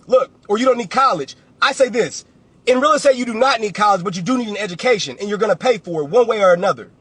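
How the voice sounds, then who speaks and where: High husky man, blunt motivational talk. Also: fairly bright tone, dry recording. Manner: blunt, preachy, repeats phrases for emphasis. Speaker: real estate investor and coach.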